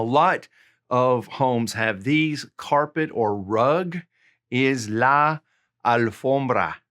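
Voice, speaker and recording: A man teaching vocabulary in an online lesson. He talks in a friendly, casual way and says each word slowly, then repeats it. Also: mid-range voice, fairly bright tone. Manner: slow, deliberate repetition of words. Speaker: Spanish tutor.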